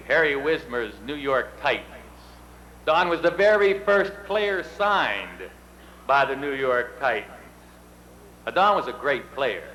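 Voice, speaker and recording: A man's voice: medium pitch, sharp tone, slight background noise, poor audio. A middle-aged man presenting at an induction ceremony, telling folksy, self-deprecating stories. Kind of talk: speech with storytelling.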